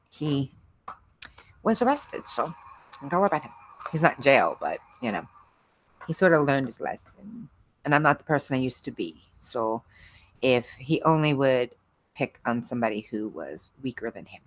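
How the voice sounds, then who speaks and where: Low-voiced woman, chatty and rambling. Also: expressive, moderate pace, pauses often, a little hiss or hum. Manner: rambling, chatty, laughs often. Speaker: livestream host. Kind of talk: casual chat with live viewers.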